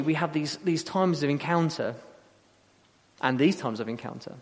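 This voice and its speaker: A man's voice: on the high side, sing-song, a little fast, vocal fry. A man preaching a sermon, telling a story with energy and acting out the quotes. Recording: long hall reverb.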